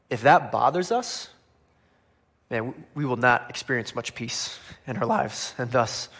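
A man preaching a sermon, animated, acting out voices of people he speaks of and dropping quietly at line ends. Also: medium pitch. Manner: animated, acts out quoted voices of biblical figures; swings between loud emphasis and quiet, dropping line ends. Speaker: pastor.

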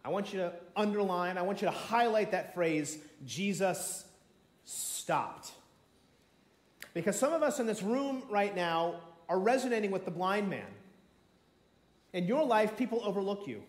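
A man preaching a sermon as pastor, telling the story dramatically, acting out voices and swinging from shouts to near whispers. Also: sits high, animated, moderate pace. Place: church sanctuary. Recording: echoey church room.

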